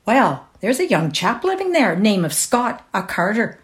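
A woman's voice: mid-range voice, sing-song, a little slow, voice pushed up. A woman voicing a delivery man who eagerly relishes telling grim news. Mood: relishing.

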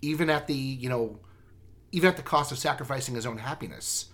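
A man's voice: mid-range voice, fairly quick, fairly bright tone. A man co-hosting a podcast in casual chat, talking earnestly and with enthusiasm. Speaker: podcast co-host.

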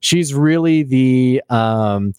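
A man in a casual recap chat, telling the story in an animated way with many fillers and quick laughs. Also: mid-range voice, clear, resonant tone, dry recording. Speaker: podcast co-host.

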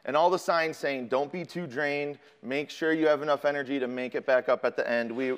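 Smooth-voiced man telling a sermon story. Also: mid-range voice, fairly even intonation, brisk. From Chicago. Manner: casual, self-deprecating, frequent ums. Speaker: student pastor.

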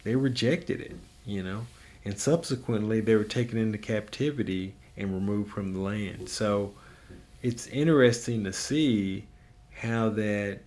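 A man teaching a Bible passage as a pastor, earnest and encouraging, often pausing with ums and restarting his sentences. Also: lowish voice, darkish tone.

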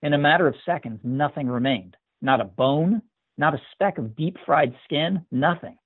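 A man narrating a scripted story in a measured, even manner. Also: fairly high pitch, husky, no echo. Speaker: story reader. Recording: tinny dry phone-like sound.

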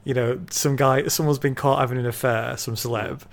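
A man's voice: mid-range voice, fairly even intonation, fairly quick, creaky. A man co-hosting a casual book discussion podcast, retelling scenes in a chatty way with fillers. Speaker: podcast co-host discussing a novel.

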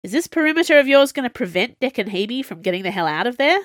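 A woman reading as a blunt, gruff young man. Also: a little high, big pitch swings, fast, dry recording, clean studio sound, voice pushed up.

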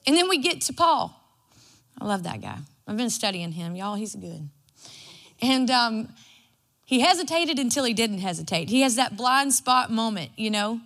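A woman gives a devotional sermon. Her voice is bright and pitched a little high. She tells homespun stories and acts out what she said along the way. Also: big pitch swings, normal speed. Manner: folksy and storytelling, acts out her own quotes. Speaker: preacher.

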